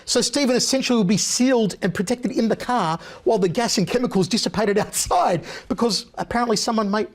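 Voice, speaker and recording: A man, a guest on an interview show, telling animated anecdotes in a punchy, casual way. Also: sits high, quick pace, few pauses.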